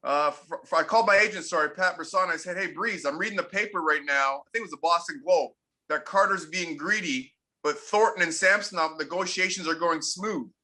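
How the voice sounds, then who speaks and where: A Canadian former pro hockey player in his forties tells candid stories in an interview, his voice on the high side, fairly quick, bright and forceful. He's emphatic and repeats points for effect.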